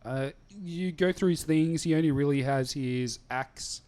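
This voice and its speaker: A man's voice: a little high, unhurried. Laid-back man running the game. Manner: laughing, relaxed, hesitant with fillers. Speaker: game master. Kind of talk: running a live-streamed tabletop game.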